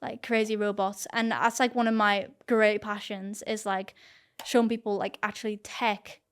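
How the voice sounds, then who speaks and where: In casual talk to camera, a young interview guest chats earnestly and peppers her speech with "like." Her medium-pitched voice is clean, with a flat delivery at normal speed.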